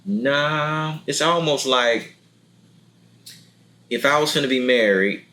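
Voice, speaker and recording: Podcast host, male, bright and forward tone, animated talker who acts out lines. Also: slow. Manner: animated, acts out quotes in a deep voice, laughs often. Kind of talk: casual podcast chat.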